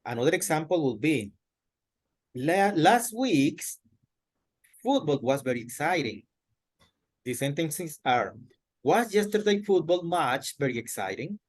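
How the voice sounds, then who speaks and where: A male English teacher, giving an online lesson over a video call and patiently correcting his student word by word. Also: a little high.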